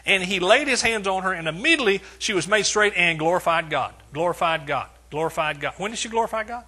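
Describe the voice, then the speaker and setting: A male pastor delivers a sermon, stacking phrase on phrase in emphatic repetition. His voice sits a little high, with a bright, forceful edge. An audible huskiness runs through it. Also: lively intonation, fast talker, slightly rough. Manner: preaching with emphatic repetition and rising swells.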